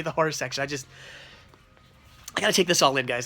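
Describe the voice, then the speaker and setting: A man's voice: medium pitch, moderate pace, long pauses, sharp tone, faint music behind. A man vlogging casually, walking through a cemetery and then a video rental store, gushing with enthusiasm over what he finds. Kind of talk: casual vlog narration.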